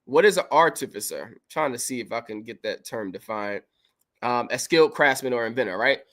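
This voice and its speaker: A man's voice: medium pitch, expressive, fairly quick, fairly bright tone. A man hosting a livestream, reading Bible verses aloud and commenting on them in an emphatic, preachy way. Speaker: podcast host.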